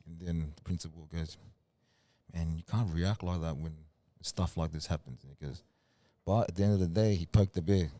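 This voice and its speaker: A soft-spoken young man from New Zealand tells stories in an easy, unhurried way. His voice sits low and mellow, and the recording is close and dry. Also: no room sound. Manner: soft-spoken, relaxed storyteller. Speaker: guest. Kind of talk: casual storytelling.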